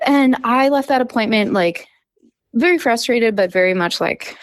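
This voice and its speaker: A woman's voice: medium pitch, moderate pace, no echo. A woman in her thirties, a dentist guest on a podcast, telling a personal story in casual conversation and acting out what others said. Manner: chatty storytelling with lively acted quotes.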